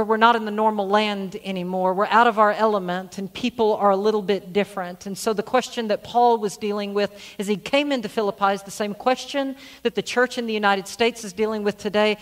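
A man, a senior pastor preaching a sermon and telling a story, who repeats words as he restarts. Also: sits high.

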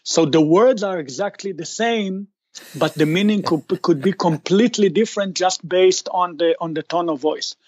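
A man's voice: high-pitched, moderate pace, darkish tone, dry recording. A man who founded a startup, a guest on a podcast interview, explaining his work at length with many restarts and fillers.

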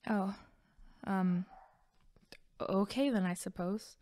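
A woman's voice: mid-range voice, takes it slowly, mellow, no echo, natural voice. Brief: woman as troubled young warrior, earnest, dry close mic. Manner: earnest, uncertain confiding. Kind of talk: audiobook voice acting.

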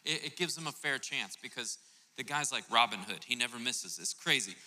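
A male pastor from Florida telling a lively, joking story during a sermon. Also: mid-range voice, fairly quick. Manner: animated storytelling, jokey asides. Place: church auditorium. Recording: reverberant church hall.

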